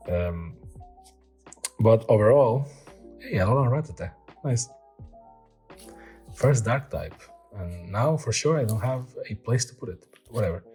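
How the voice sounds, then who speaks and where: A middle-aged man hosting a casual card-pack opening, rambling and excitable, stopping often to read the card text aloud. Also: on the low side. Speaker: channel host opening card packs. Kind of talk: casual unboxing chat.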